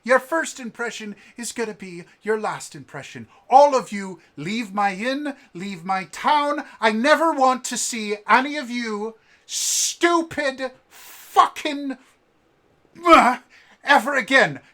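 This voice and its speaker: A man voicing a furious, cold, commanding woman innkeeper who scolds and threatens as she shouts from off-mic. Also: very high-pitched, animated, slow, pitched above the performer's own voice, heavily acted.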